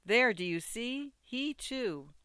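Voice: medium pitch, animated, slow, fairly bright tone, clean tone, dry recording, clean studio sound, pitched above the performer's own voice. A reader voicing a vivacious childlike bride. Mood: playful. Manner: vivacious, teasing, impetuous. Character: lively childlike young bride, girl. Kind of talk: audiobook character voice.

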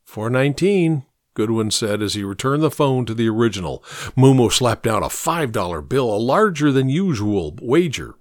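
Male narrator, audiobook, expressive pitch, dry close recording. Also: normal speed, dry recording. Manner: storytelling, expressive.

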